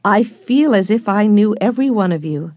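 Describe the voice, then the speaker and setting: A woman's voice: medium pitch, lively intonation, moderate pace, mellow, no room sound, muffled recording, pitched above the performer's own voice, natural voice. Smiling young woman, as a woman reads her. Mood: friendly.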